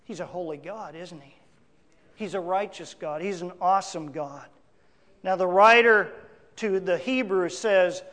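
A male pastor preaching a sermon, emphatic, with big swings between loud declarations and quiet asides. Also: high voice, measured pace, big-room sound.

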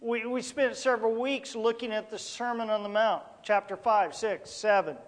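A man's voice: sits high, fairly even intonation, normal speed. A man preaching as a pastor, teaching unhurriedly with rhetorical questions and a few fillers and restarts. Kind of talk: sermon teaching. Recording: long echoey hall reverb.

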